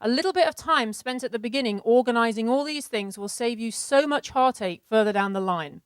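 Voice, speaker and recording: A middle-aged woman co-presenting a seminar, giving brisk, organized practical business advice. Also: fairly high pitch, animated, clean tone, no echo.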